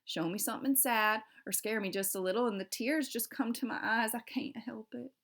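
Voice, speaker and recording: A woman's voice: on the high side, normal speed, fairly bright tone, pitched above the performer's own voice. A woman voicing a timid, easily tearful cowboy man with a Southern US drawl, reading a storybook aloud. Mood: bashful. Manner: drawling folksy talk.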